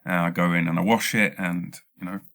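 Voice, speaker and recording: A man's voice: sits low, a little fast, gravelly. A man with a British accent, hosting a podcast and telling a rambling comic story with lots of stutters and restarts. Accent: British English. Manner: rambling, animated, self-interrupting with stutters. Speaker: podcast host. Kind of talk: casual comedic storytelling.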